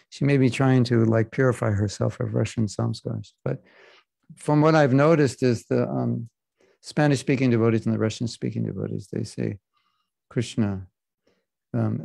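Gravelly-voiced man teaching a scripture class. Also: medium pitch, mellow, no echo. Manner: casual, joking, digressive. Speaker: spiritual teacher. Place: class in Florida.

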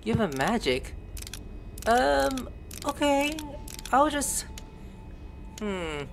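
A man's voice: very high voice, sing-song, drawn-out words, vocal fry, a bit bright. A man giving casual let's-play commentary, reading on-screen text aloud, spelling out words letter by letter, and swearing when surprised. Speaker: gameplay streamer. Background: game music.

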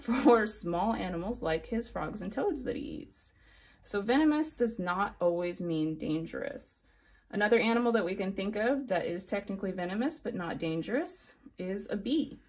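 A woman calmly explaining snakes and venom to children, friendly and plain. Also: mid-range voice, normal speed. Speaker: snake keeper and educator.

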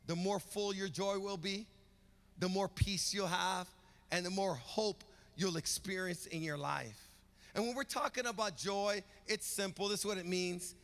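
A man's voice: high-pitched, creaky, a bit bright. A man pastor preaching a sermon in a church, with rhythmic build-ups that rise to emphatic peaks. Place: church sanctuary. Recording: reverberant church hall.

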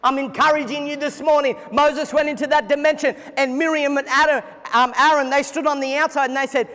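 A man preaching a fervent sermon as pastor at a church service, at times breaking into shouts. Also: very high voice, steady tone, a little fast, hardly any pauses, long reverb tail.

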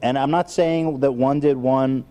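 Man, host, mellow dark voice, blunt, swearing. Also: medium pitch, steady tone, a little slow. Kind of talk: casual interview talk.

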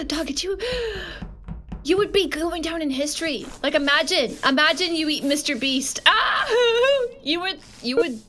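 A woman's voice: high-pitched, lively intonation, normal speed. A woman livestreaming a game with viewers, chatting casually, scolding sassily and shrieking in mock terror. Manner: sassy scolding. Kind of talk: casual livestream gameplay chat.

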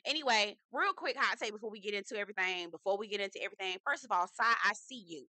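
Chatty woman with a bright voice. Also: medium pitch, expressive, fast, no echo. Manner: chatty, slangy, emphatic asides to viewers. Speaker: host. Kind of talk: casual TV review vlog.

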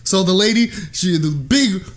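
Man, podcast co-host, high voice, very animated, joking storyteller. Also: moderate pace. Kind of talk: casual podcast chat, storytelling.

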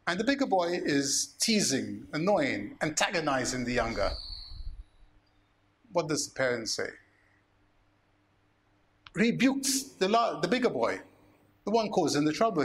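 A man, a priest preaching a sermon, slow and emphatic, asking rhetorical questions. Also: on the high side, slight background noise.

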